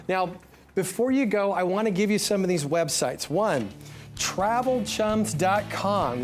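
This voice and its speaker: A man with a notably high voice hosts a radio talk show. He asks measured questions and responds in a friendly, encouraging way. Faint music sits beneath his voice. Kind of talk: radio interview hosting.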